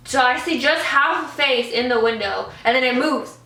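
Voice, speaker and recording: A lively young woman, a vlogger, tells stories over a meal and acts out every scene. Her voice is bright and on the high side. It sits a little off the mic in a roomy, echoey space with faint noise behind her. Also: normal speed, hardly any pauses, far from the mic. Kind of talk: casual storytelling over a meal.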